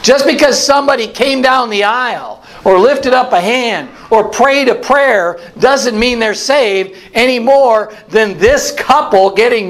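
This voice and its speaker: A man's voice: extremely high pitch, a bit bright, rough recording. A man teaching a Bible study as a pastor, asking his listeners questions and repeating key phrases. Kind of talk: interactive sermon.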